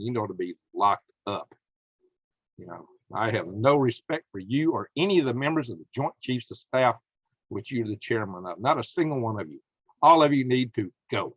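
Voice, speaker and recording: A man's voice: mid-range voice, a bit bright, breathy edge, no echo, dull audio. Indignant man ranting on news. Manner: indignant, emphatic, apologizes to viewers. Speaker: political commentary host. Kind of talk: angry political commentary.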